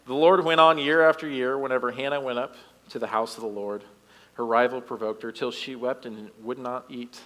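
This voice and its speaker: Male youth pastor, mid-pitched voice, reads scripture in church and adds quips, long hall reverb. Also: steady tone, fairly quick, a bit bright. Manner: reads the passage aloud and breaks in with joking asides. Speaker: youth director preaching. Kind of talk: sermon reading scripture with asides. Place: church sanctuary.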